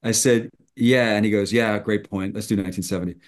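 Lively storytelling middle-aged man. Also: on the low side, a little fast. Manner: animated, acts out both sides of phone calls. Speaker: screenwriter guest. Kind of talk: storytelling in conversation.

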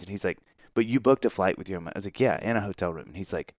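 A man co-hosting a podcast, telling a lively story in casual chat, acting out what others said and often laughing. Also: low-pitched, racing, no room sound, clean studio sound. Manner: animated storyteller, acts out quotes, laughs often. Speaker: podcast co-host.

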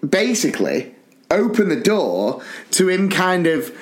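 A man co-hosting a podcast, telling school stories in an animated, laughing way. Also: sits high. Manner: animated, laughing, quick bursts. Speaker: podcast co-host, school teacher. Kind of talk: casual storytelling chat.

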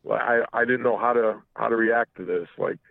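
A gravelly, lowish male voice comes through a phone with that tinny line quality, steady in tone and a little fast, with no room sound. He's a talk-show caller rambling through a frank personal story, restarting often and cursing freely.

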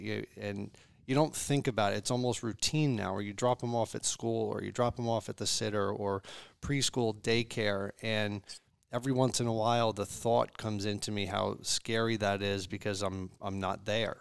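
A man guest and parent in a podcast interview, reflective and halting. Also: on the low side, fairly even intonation, creaky, clear, resonant tone, no echo, clean studio sound. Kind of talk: conversational interview.

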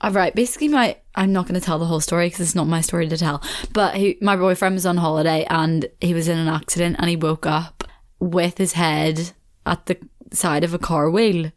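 Young Belfast woman, solo podcast host, lower voice, rambling and chatty. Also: steady tone, a little fast. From Northern Ireland. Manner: chatty, rambling, laughs often, swears casually. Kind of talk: casual solo podcast chat.

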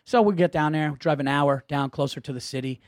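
A middle-aged man rattles through a story at high speed. His telling is profane and animated, and he acts out the lines of everyone in it. He sits close to a dry podcast mic. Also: no echo. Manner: fast, profane, animated storytelling with acted-out quotes. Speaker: comedian guest. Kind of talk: casual storytelling chat.

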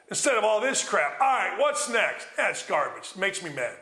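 A man hosting a sports talk show, ranting bluntly and loudly. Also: high-pitched, big pitch swings, moderate pace, hardly any pauses, echoey room. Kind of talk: fired-up sports radio rant.

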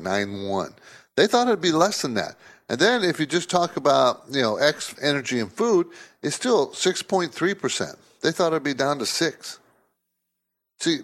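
A man hosting a call-in finance talk show, speaking emphatically and conversationally, often repeating himself for stress. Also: fairly high pitch. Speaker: radio show host.

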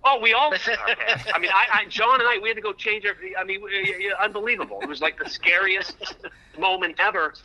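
A man calling in to a talk show, telling a long story in an excitable, rambling way and repeating himself. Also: high voice, fairly quick, low-quality recording. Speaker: guest comedian. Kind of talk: animated storytelling on a call-in show.

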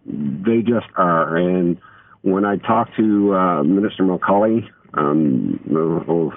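Deep-voiced man on a tinny phone line. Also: expressive, takes it slowly, no room sound. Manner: hesitant, with fillers. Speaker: guest on phone. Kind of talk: phone-in interview.

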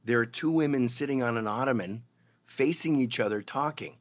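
A man's voice: medium pitch, a little fast. A middle-aged man from Canada, a guest in an interview, telling a wild anecdote with heavy swearing and acting out other people's voices. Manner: profane, vivid storyteller who acts out other people's voices. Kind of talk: animated anecdote in casual interview.

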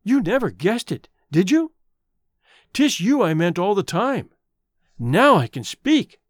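A man's voice: high-pitched, big pitch swings, normal speed, no room sound, studio quality. A man voicing an idealistic young man with an impassioned, declamatory manner. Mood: ardent.

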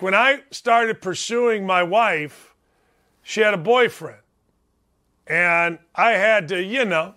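A man hosting a sports talk show, ranting loudly in a blustery monologue. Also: high-pitched. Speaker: host.

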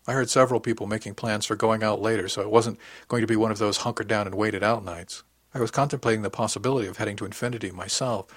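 A man narrating a first-person audiobook in an even, wry storytelling manner. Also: lowish voice, no echo.

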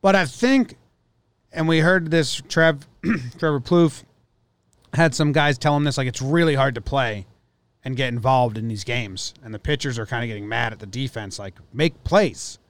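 A man's voice: medium pitch, normal speed, clean tone, no echo. A man co-hosting a casual sports podcast, joking and loose, often trailing off and restarting his sentences. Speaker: podcast co-host.

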